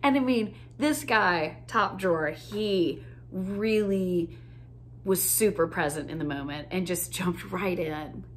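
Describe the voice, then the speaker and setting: A woman's voice: lowish voice, slow pace, a little hiss or hum. A woman coach casually telling a funny story, easygoing, with frequent fillers and laughter. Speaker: joy coach.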